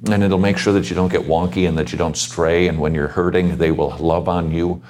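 Very deep-voiced man, earnest exhortation. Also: little pitch movement, brisk, a little mellow, a little hiss or hum. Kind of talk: Christian panel talk.

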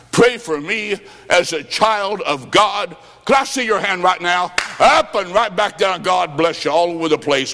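A male preacher delivering a revival sermon, swinging from loud shouts to low, quiet lines. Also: big-room sound. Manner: preaching with sudden shouts and drops to low tones. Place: church sanctuary.

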